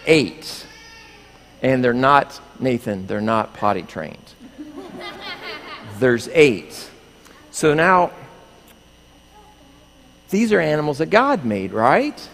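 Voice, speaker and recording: A man's voice: medium pitch, drawn-out words, gravelly, pauses often. A middle-aged man, a pastor, telling a playful children's story in a church sanctuary and acting out screams as he goes. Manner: animated, playful storyteller who acts out screams. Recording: echoey hall with faint room noise.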